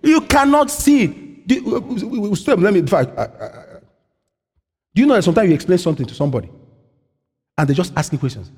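A man preaching a sermon in an animated way, often asking the congregation a question and answering it himself, his voice a little husky. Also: sits high, quick pace, pauses often. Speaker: pastor. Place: church. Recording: long hall reverb.

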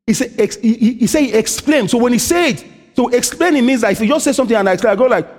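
A man preaching a sermon in an animated way, often asking the congregation a question and answering it himself, his voice a little husky. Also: extremely high pitch, fairly quick. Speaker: pastor. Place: church. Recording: long hall reverb.

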